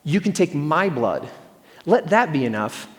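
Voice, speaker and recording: A man's voice: a little high, big pitch swings, unhurried, voice pushed down. A man playing an easygoing young man casually coaxing his stern father, with a long hall reverb.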